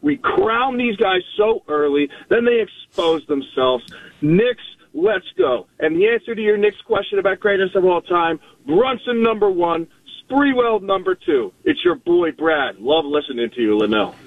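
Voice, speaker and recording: A man calling in to a sports radio show, hoarse from screaming, brash and trash-talking. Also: high-pitched, very animated, moderate pace, dry recording. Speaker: caller. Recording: tinny phone line.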